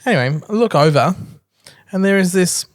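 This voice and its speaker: Dry-witted dad podcaster. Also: male voice, high-pitched, lively intonation, normal speed, dry recording. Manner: dry, teasing banter. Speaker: podcast co-host. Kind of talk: casual chat.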